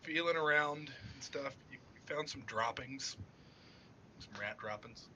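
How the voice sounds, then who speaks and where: A man's voice: medium pitch, measured pace, sharp tone, dull audio, a little hiss or hum. A man running a casual tabletop game as game master, laughing often and narrating loosely with lots of fillers.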